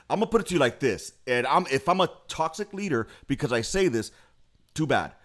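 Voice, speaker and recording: A man's voice: on the high side, lively intonation, fast, a bit bright. Blunt, foul-mouthed man on a podcast. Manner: blunt, profane, emphatic. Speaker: podcast co-host. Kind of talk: casual profane chat.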